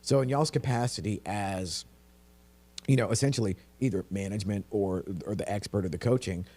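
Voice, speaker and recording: A man's voice: lowish voice, fairly quick, dark tone. A man, thoughtfully posing a question on a podcast and searching for his words. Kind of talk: podcast conversation.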